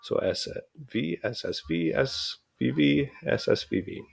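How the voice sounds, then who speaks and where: Man, teacher, recorded grammar lesson, unhurried delivery, gravelly tone, patient explaining. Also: medium pitch, lively intonation. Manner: slow, patient explaining with frequent pauses.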